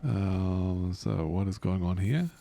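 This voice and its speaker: Slow, gravelly-voiced male streamer. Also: low-pitched, warm tone. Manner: rambling, chatting with viewers. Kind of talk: casual live-stream commentary while gaming.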